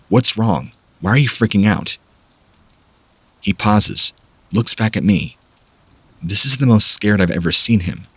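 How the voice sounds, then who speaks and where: Deep husky male horror narrator. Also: dry recording. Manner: steady, measured storytelling. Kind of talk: scripted narration of scary stories.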